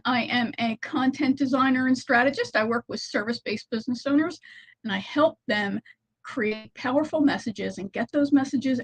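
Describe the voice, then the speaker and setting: A woman with a fairly high voice chats informally straight to her laptop from inside a house. She corrects herself now and then as she explains her ideas. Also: breathy edge, poor audio. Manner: chatty and informal, with small self-corrections. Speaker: content strategist. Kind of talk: casual talking-head video. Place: house, indoors. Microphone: laptop built-in mic.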